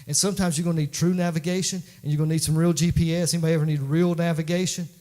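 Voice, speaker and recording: A man preaches a sermon in a church, his voice a little higher than most men's. He talks in a folksy, conversational way, building to emphatic peaks. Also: flat delivery, racing, dark tone. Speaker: pastor.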